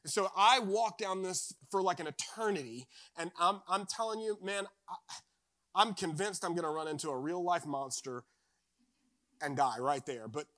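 High, bright-voiced preacher man. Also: normal speed, no room sound, studio quality. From eastern North Carolina. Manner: earnest preaching shifting to chatty, self-mocking storytelling. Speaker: pastor. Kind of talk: sermon with personal storytelling.

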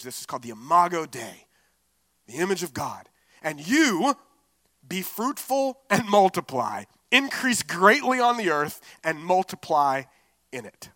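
Bright high-voiced preaching man. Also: dry recording. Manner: expressive preaching, casual asides with "like" and "right?". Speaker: pastor. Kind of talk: sermon.

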